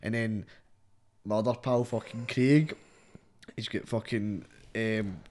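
A young Scottish man in casual chat, telling rapid, sweary stories and saying "mate" constantly. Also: lowish voice, fairly even intonation, darkish tone.

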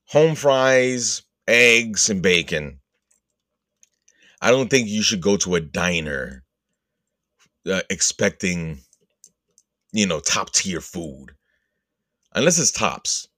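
Rambling, profane podcast host, low voice. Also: male voice, expressive, slow pace, long pauses, fairly bright tone, no room sound, studio quality. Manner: profane, rambling, puts on voices for people in his story. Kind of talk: casual comedic storytelling.

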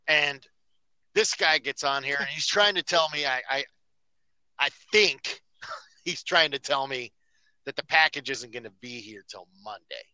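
A man's voice: mid-range voice, unhurried, long pauses, pushed and bright, no echo, low-quality recording. A man on a casual podcast, telling a story in a profane, ranting way. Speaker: podcast host.

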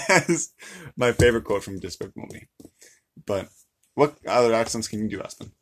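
A man's voice: fairly low pitch, fairly even intonation, a little fast, a little hiss or hum. A young man in casual, playful chat, rambling and laughing often.

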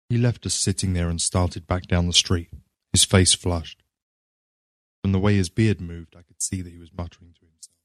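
A man narrating a short story in a measured, scripted reading. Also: low voice, fairly even intonation, fairly bright tone, no echo, clean studio sound.

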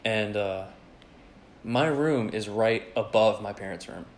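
A man's voice: fairly low pitch, takes it slowly, a little hiss or hum. A young man in casual chat, telling a crude story full of swearing and laughter. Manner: profane, animated, laughing storyteller.

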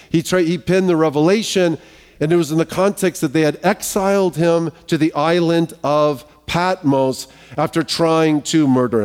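A man's voice: a little high, a little mellow, big-room sound. A male pastor preaching a sermon in a loose, conversational way, with joking asides and frequent restarts.

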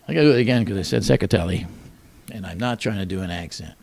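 An older man hosting a podcast, reading joke headlines in a deadpan way and muttering wisecracking asides. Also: deep voice, fast, vocal fry, slightly rough, dry recording. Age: 60s. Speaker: podcast host. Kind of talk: deadpan satirical news monologue.

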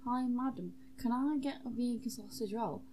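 A woman's voice: fairly high pitch, normal speed, dark tone, slight background noise, lightly acted. A woman voicing a brash, crude male knight who swears freely and talks bluntly and offhand. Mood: breezy.

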